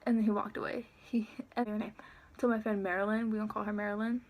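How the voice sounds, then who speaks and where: An eighteen-year-old woman casually telling a story on her vlog, chatty and animated as she acts out what was said. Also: medium pitch, quick pace. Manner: chatty, animated retelling with quoted dialogue. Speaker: vlogger.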